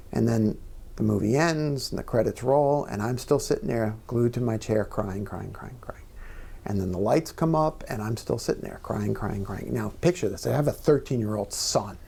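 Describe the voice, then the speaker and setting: A man's voice: lowish voice, creaky, darkish tone, husky. A middle-aged man, telling personal stories earnestly in an onstage conversation, sometimes dropping to a near-whisper. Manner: earnest storyteller, drops to near-whisper at times. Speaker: guest speaker. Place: small members' club event room.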